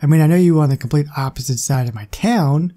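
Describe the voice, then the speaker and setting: A young man giving casual, excitable commentary on his gameplay and chatting to viewers. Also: a little high, quick pace. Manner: excitable, chatty, talks to the game. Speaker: gaming channel host.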